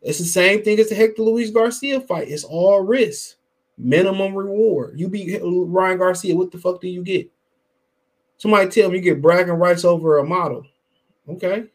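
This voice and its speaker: A man's voice: sits high, moderate pace. A man hosting a boxing podcast, giving heated, profane casual commentary while greeting his live chat. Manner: profane, heated, emphatic and repetitive.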